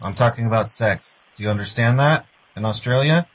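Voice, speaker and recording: A man hosts a radio show and places crude prank calls, delivered deadpan with a mocking edge. His voice is husky and mid-pitched. The recording sounds dull and lo-fi. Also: a little fast. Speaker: radio host and prank caller. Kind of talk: prank phone call and radio banter.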